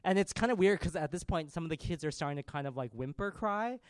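A man in his thirties preaching a sermon, telling a family story in a conversational, animated way. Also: a little high, quick pace, clean tone.

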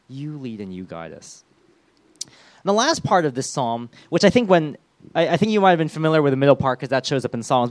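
A man in his thirties preaching a sermon, lively and acting out the voices of the people and of God as he speaks. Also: fairly high pitch, no echo. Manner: animated, acts out voices of God and the congregation. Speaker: pastor.

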